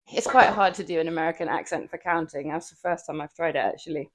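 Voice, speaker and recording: A woman's voice: low-pitched, quick pace, hardly any pauses. A woman livestreaming from her home gym, chatting casually with viewers between lifts, laughing often and swearing now and then. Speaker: livestreamer working out.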